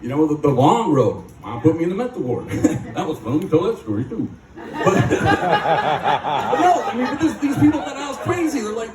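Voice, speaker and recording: A man's voice: high-pitched, expressive, fairly quick, darkish tone, recorded from a distance, slight background noise. A man from Michigan speaking at a recovery rally, telling his story in a joking, rambling way with frequent laughs. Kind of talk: recovery testimony talk. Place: live rally stage. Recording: echoey and off-mic.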